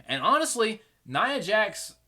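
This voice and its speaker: A man's voice: high-pitched, very animated, slow pace, bright, forceful tone. A young man hosting a solo podcast, giving rambling, opinionated commentary and swearing freely. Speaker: podcast host.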